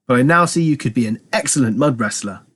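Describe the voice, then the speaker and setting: A man reading aloud and voicing a hearty, loud middle-aged village father with a booming, theatrical manner. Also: lively intonation, quick pace, breathy edge. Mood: jovial.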